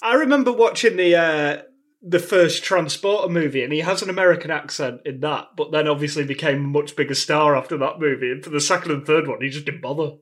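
A man co-hosting a casual film podcast, talking in a measured way with dry humour. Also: fairly high pitch, a bit bright. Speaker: podcast co-host.

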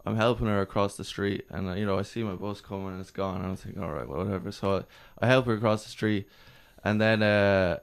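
A man's voice: on the low side, fast talker, few pauses, clear, resonant tone. A man chatting casually on a podcast, telling a story and acting out the people in it. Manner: animated storyteller acting out quotes. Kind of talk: casual chat, anecdote.

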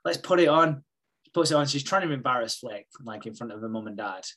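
A man, co-hosting a casual podcast and retelling soap storylines with swearing and quick impressions of the characters. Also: mid-range voice, sharp tone. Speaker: podcast co-host recapping a soap. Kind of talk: casual chat.

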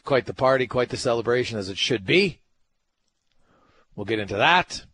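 A man's voice: mid-range voice, lively intonation, moderate pace, a bit bright, breathy edge. A man hosting a sports talk radio show, emphatic and ranting, firing off rhetorical questions.

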